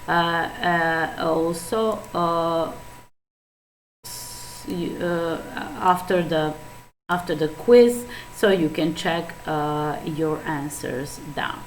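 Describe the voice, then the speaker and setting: A woman who speaks Macedonian as her first language, teaching an English class online. She reads example sentences aloud and pauses with fillers and restarts. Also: low voice, slight background noise, low-quality recording. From North Macedonia. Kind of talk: online lesson.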